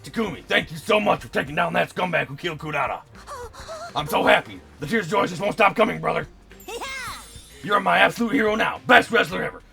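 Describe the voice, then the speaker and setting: A man voicing a loud, overjoyed tomboy girl who gushes like a wrestling fan, with game music behind him. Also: high-pitched, brisk, vocal fry, voice pushed up, full character voice. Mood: gushing. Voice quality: loud, gushing.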